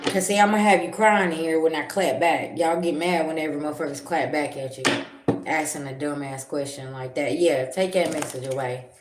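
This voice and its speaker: A woman giving a livestream tarot reading, blunt and confrontational, with slangy talk and sharp comebacks to her viewers. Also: low-pitched, fairly even intonation, moderate pace. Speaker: tarot reader. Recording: echoey room with loud background noise.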